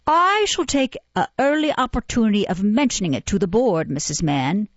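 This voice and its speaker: A woman's voice: mid-range voice, big pitch swings, moderate pace, no room sound, highs cut off. A woman reading aloud, voicing a pompous, self-important male parish official who loves his own oratory. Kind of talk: audiobook character reading.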